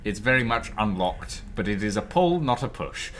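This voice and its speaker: A man's voice: fairly low pitch, very animated, moderate pace, a bit bright. A man running a tabletop game as game master, narrating scenes hesitantly with many fillers.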